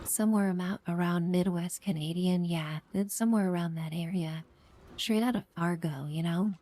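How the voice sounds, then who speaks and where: A woman's voice: fairly low pitch, moderate pace, warm tone, a little hiss or hum. A woman streaming a game live, giving sarcastic, playful commentary with whispered asides. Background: game music.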